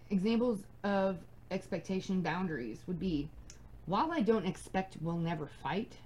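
A woman's voice: on the low side, darkish tone, low-quality recording. A young adult woman hosting a casual advice podcast, talking bluntly and emphatically and swearing freely. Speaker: podcast host.

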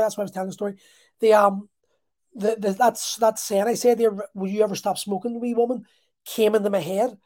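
Warm-voiced man telling an emotional story. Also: high voice. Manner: emotional, halting, repeats words. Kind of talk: personal storytelling.

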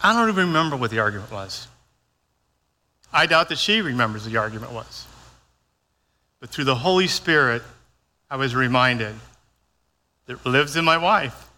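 A man's voice: medium pitch, lively intonation, normal speed, pauses often, sharp tone. An older man preaching a sermon in a folksy, conversational way, acting out his own lines as he goes. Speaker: pastor. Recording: long hall reverb.

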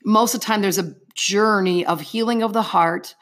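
A woman's voice: medium pitch, normal speed, fairly bright tone. Earnest woman recounting a faith testimony. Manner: earnest, vivid storytelling in present tense. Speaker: interview guest.

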